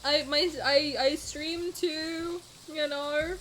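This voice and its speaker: A woman's voice: high-pitched, fairly even intonation, slow pace, pushed and bright, slight background noise, low-quality recording. A woman streamer reacting live to a game, blunt and swearing freely as she talks back to her chat.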